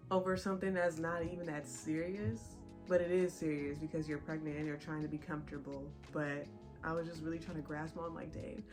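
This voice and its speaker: Chatty young woman, lowish voice. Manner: chatty, laughs often while telling a story. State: pregnant. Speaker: vlogger. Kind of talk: casual chat.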